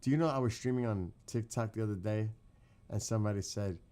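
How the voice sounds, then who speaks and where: A man from New York talks casually with his stream chat, his New York accent thick on every word. His voice sits somewhat low. He rambles from one aside to the next, quizzes the viewers and breaks into laughter often. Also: quick pace, warm tone. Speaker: live streamer.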